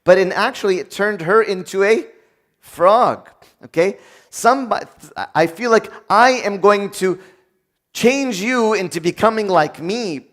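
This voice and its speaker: A man's voice: high-pitched, unhurried. A man preaching a sermon on marriage, acting out little dialogues and joking with the congregation. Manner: animated, acts out dialogue, jokes with audience.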